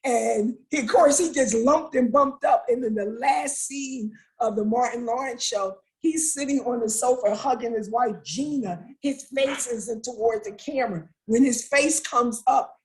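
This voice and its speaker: A woman's voice: high voice, rough recording. A middle-aged woman, the mother of an incarcerated son, telling her story as an interview guest and acting out the dialogue with feeling. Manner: animated retelling, acting out dialogue. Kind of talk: emotional personal storytelling.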